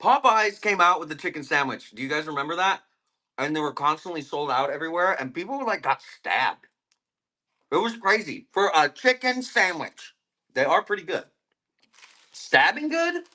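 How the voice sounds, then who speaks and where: A man's voice: fairly high pitch, lively intonation, a little fast, sharp tone. Laid-back man rambling on a plant livestream. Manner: rambling, laid-back, eating while talking. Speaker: live-stream plant seller. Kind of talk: casual live-stream chat.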